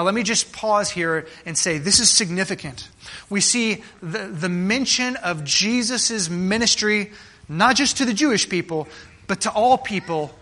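A male pastor with a high, forceful voice preaches in a chatty, conversational manner. He checks in with listeners through rhetorical questions and often trips over and repeats his words before pressing on. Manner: stumbling restarts and repeated words. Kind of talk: sermon.

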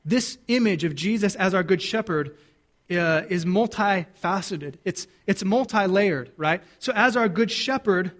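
A man's voice: high voice, lively intonation, measured pace, a bit bright. A man preaching a sermon as pastor, talking to his congregation in a conversational way, asking them questions and answering them, with frequent restarts.

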